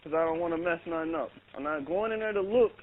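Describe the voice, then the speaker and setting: A shaken man speaks urgently in a fairly high voice, insisting and repeating himself. He comes through a tinny phone line with a faint hiss behind him. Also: fast talker. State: shaken, upset. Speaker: caller.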